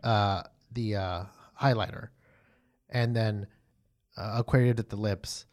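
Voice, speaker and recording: A man co-hosting a casual chat podcast, chatty and quick to laugh. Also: fairly low pitch. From US South. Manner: chatty, animated, laughs easily. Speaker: podcast co-host.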